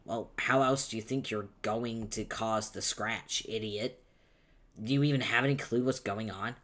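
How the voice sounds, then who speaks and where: A man's voice: lowish voice, steady tone, normal speed, natural voice. A man doing a cranky, swearing troll boy. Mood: irritated. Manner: shouty, insulting, impatient. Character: angry foul-mouthed young male troll. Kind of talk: reading a webcomic aloud.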